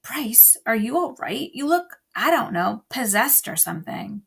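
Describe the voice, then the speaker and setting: A woman's voice: a little high, sing-song, unhurried, creaky, a bit bright, slightly rough, full character voice. A woman voicing an eager, fawning teenage girl in a read-aloud storybook.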